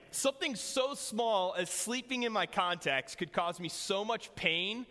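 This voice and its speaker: A young man preaches a sermon to his church, telling a personal story in a casual, joking way. His voice is high, pushed and bright, and the church hall recording carries a long reverb.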